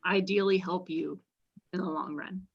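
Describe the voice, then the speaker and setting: A woman's voice: lowish voice, fairly even intonation, normal speed, vocal fry, husky, lo-fi sound. A woman playing a tabletop game, speaking apologetically in character. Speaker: player.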